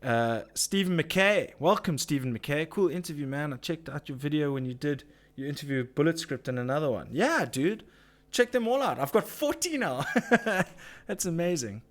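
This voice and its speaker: A man's voice: fairly high pitch, lively intonation, normal speed. A man hosting a casual live chat, ranting with swearing and reading out viewer comments. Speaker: live-stream host.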